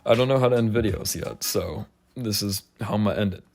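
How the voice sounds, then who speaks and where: A young man rambles through stories in a loose vlog, swearing freely and laughing as he goes, a bit slurred from not being sober. His voice sits fairly low. Faint music plays underneath. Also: fairly quick, vocal fry, darkish tone. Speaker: vlogger. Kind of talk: casual storytelling rant.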